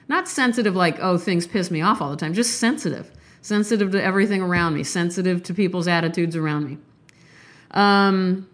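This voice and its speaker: Podcast host, woman, slightly low voice; candid and rambling solo chat. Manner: candid, rambling, animated swings in pitch. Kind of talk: casual monologue.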